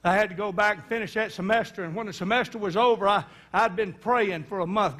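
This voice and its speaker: High-voiced preacher telling a story. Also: male voice, fast, hardly any pauses, a bit bright. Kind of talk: sermon storytelling.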